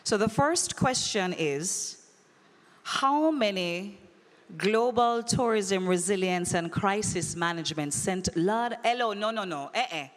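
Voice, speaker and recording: A woman's voice: medium pitch, expressive, slow. A woman hosting a live audience quiz at a conference, playful and teasing with a dramatic flair, on a handheld mic in a large hall. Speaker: conference emcee. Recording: echoey hall with long reverb.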